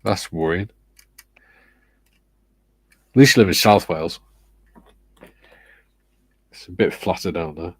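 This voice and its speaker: Man, low voice, dry close sound, livestream host, reading chat, casual joking. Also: slow, pauses often, breathy edge, dry recording. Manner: reads out chat messages, joking. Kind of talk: casual livestream chat while model building.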